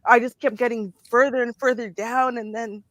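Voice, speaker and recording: A woman's voice: a little high, steady tone, moderate pace, a bit bright, no echo, low-quality recording. Laid-back storytelling woman co-host. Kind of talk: casual chat.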